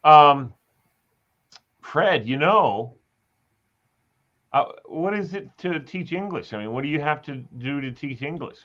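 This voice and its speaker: A man's voice: a little high, unhurried, pauses often, dull audio. A man hosting a casual online show, chatting and joking with his guests. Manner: joking, animated banter. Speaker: host.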